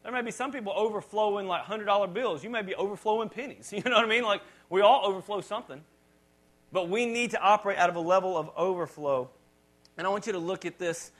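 This is a man in his thirties preaching a sermon in a relaxed, conversational way. His voice sits high for a man. He trips over and repeats words as he goes, and swells dramatically whenever he reads scripture out loud. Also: fast talker. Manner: conversational preaching, dramatic rises when reading scripture aloud; repeats words and restarts phrases. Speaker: pastor.

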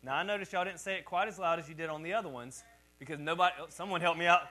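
Man preaching a sermon, high voice, bright tone, joking and conversational, faint mains hum. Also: very fast. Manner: conversational and joking, calls for congregation responses. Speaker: pastor.

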